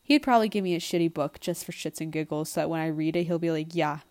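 Deep-voiced and quick, with a darkish tone, this young woman chats solo on her casual podcast. Her talk is rambling, blunt, and profane, and she's recording without a real microphone.

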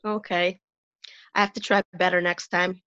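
Chatty joking woman, bright voice. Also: on the low side, flat delivery, clean tone, no echo, lo-fi sound. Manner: chatty, jokey, quick to laugh. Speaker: guest. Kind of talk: casual conversation.

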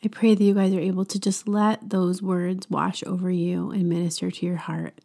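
A woman hosting a devotional podcast, talking in an earnest, chatty way with soft laughs. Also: fairly low pitch, flat delivery, moderate pace, creaky. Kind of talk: casual faith podcast talk.

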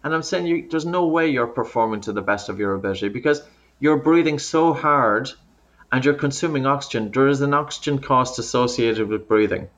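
A man's voice: medium pitch, brisk, a bit bright. Man patiently explaining breathing. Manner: patient, explanatory, with frequent restarts. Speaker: breathing coach. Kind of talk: interview, explaining. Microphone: remote call audio.

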